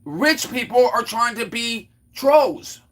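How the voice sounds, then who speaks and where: A man's voice: expressive, takes it slowly. Rambling man ranting on a livestream. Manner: rambling, repeats words, quotes others in his own voice; exclaims loudly then trails off low. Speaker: livestream host. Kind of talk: casual ranting monologue.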